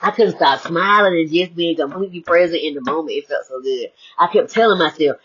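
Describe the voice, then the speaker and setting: A woman giving a lively spiritual motivational talk, swinging between hushed, reflective stretches and bright exclamations. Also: low-pitched, fairly quick, hardly any pauses, slightly rough. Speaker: inspirational speaker. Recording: muffled lo-fi audio.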